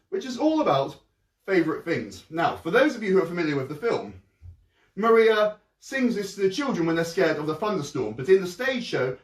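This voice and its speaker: A man's voice: sits high, far from the mic. A man hosting a live online musicals show at home, chatty and self-mocking. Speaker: host. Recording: roomy echo, off-mic.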